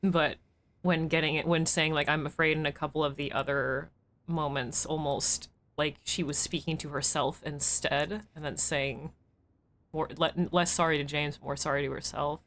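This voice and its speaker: A woman streamer talks into a desk mic from her home setup, thinking aloud about a game scene. Her speech wanders and restarts, full of fillers and small pauses, with an emotional undertone. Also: low voice, steady tone, fairly bright tone, a little hiss or hum. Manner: rambling and reflective, many fillers and restarts. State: emotional and weepy. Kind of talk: live-stream gameplay commentary.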